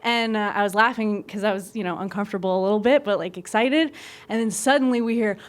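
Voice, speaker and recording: A young woman telling a comic true story on stage to a live audience, candid and lively, and she acts out the quoted voices. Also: mid-range voice, quick pace.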